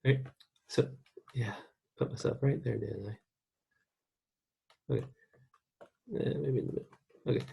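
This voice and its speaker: A man from the United States teaching a recorded online Spanish lesson, patiently repeating words slowly for students to practice. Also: medium pitch, creaky, dark tone, slightly rough.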